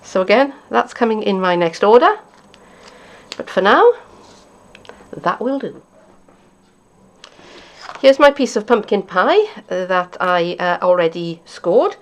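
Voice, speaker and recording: A woman demonstrating card-making, chatting and thinking aloud as she works, sometimes dropping to a quiet mutter. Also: medium pitch. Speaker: craft demonstrator.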